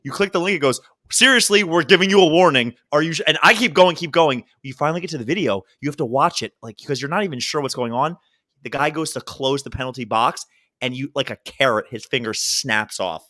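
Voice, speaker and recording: A man's voice: medium pitch, fairly quick, sharp tone. A man co-hosting a podcast, telling jokes and laughing stories in casual chat. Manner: joking, laughing storyteller. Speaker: podcast co-host.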